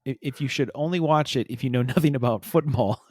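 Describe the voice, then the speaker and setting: A man's voice: mid-range voice, moderate pace, a little mellow. A man hosting a podcast, who tells a long story in a hesitant, rambling way full of uhs. The sound is dry and close, with no room echo. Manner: rambling, hesitant, with many filler uhs and restarts. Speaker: podcast host. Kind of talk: casual chat, storytelling.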